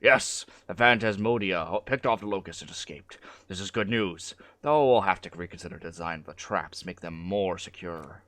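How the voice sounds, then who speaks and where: A man's voice: low voice, normal speed, fairly bright tone, dry recording. A man doing a fussy old cryptozoologist. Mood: lecturing. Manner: defensive, lecturing. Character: fussy older male cryptozoologist, pedantic.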